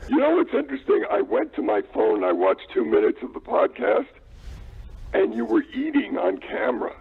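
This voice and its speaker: A man talks over a thin, tinny phone line with faint hiss behind him. His voice is high and heavily gravelled, and it swoops up and down wildly as he needles and cuts into the hosts with mock outrage. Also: huge pitch swings, normal speed. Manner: needling, interrupting, mock-indignant. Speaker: phone-in guest. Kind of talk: comedic banter over a phone call.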